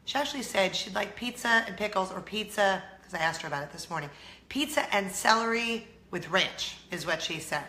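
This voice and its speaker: A woman's voice: on the low side, expressive, quick pace, hardly any pauses, pushed and bright. Bubbly woman vlogger in an echoey room. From United States. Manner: bubbly, self-teasing, laughs often. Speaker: vlog host. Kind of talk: casual chatty vlog.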